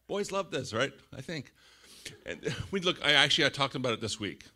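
A middle-aged man preaching a sermon, lively and animated, shouting out quoted lines and laughing often. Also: medium pitch, fast talker. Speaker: pastor.

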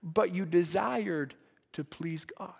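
A man's voice: high-pitched, slow pace, vocal fry, breathy edge, in a large hall. A man preaching a sermon to young people, earnest, often repeating words as he builds a point. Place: church.

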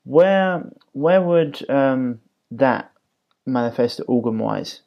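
A man's voice: mid-range voice, animated, slow pace, gravelly, lo-fi sound. A man hosting a podcast interview, asking questions casually, often restarting and apologizing. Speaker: podcast host.

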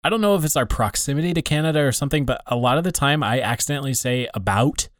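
A man's voice: mid-range voice, animated, rapid-fire, no echo, studio quality. A man from Montana co-hosting a podcast, talking casually and often repeating words as he thinks. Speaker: podcast co-host. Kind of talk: casual chat.

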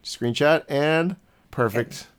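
A man's voice: on the high side, slow pace, clear, resonant tone. A man co-hosting a casual podcast chat, rambling and self-mocking, laughing often. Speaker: podcast co-host. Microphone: webcam.

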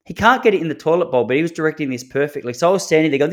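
A man in his 30s hosts a solo comedic podcast, telling stories in a laid-back way and chuckling at his own jokes. His voice is on the high side and animated, and he talks very fast with hardly any pauses.

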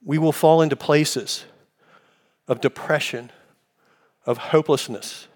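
A man preaches a sermon in a voice pitched a little high, putting question after question to his listeners. His words ring out with the long reverb of a large church sanctuary. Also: a little slow, a little mellow. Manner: preaching with call-and-response questions. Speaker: pastor.

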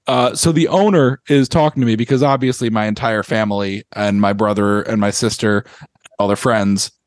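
A man's voice: lowish voice, steady tone, moderate pace, dry recording. Young male co-host, rambling storyteller with lots of laughs, dry close sound. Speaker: podcast co-host. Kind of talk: casual hockey chat.

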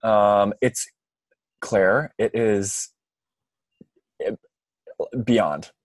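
A man's voice: on the low side, steady tone, drawn-out words. A man hosting a podcast in casual chat, gushing and full of fillers. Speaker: podcast host.

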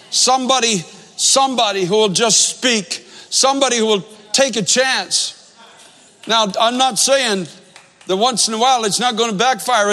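High-voiced preacher in a reverberant hall. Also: male voice, sharp tone. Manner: earnest storytelling, repeats phrases for emphasis. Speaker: pastor. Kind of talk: sermon with storytelling.

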